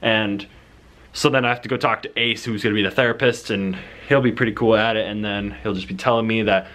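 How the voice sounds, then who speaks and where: A man's voice: lowish voice, steady tone, moderate pace, a bit bright. A young man casually rambling as he lays out his film plot, full of fillers and restarts. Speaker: vlogger pitching his film idea.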